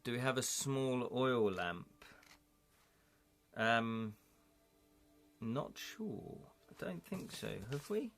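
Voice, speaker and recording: A man's voice: mid-range voice, lively intonation, takes it slowly, gravelly, pauses often, fairly bright tone, faint music behind. A man playing a gamebook live, reading its passages aloud and thinking aloud with his viewers. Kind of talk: live-streamed gamebook play, narration and chat.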